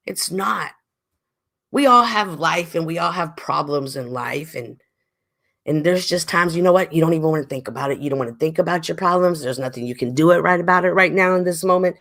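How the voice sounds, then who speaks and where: A woman hosts a casual livestream, reading chat comments aloud in a fairly low, gravelly voice that sounds a little stuffy. She talks a little fast and in a lively way, swinging from loud exclaims to murmurs.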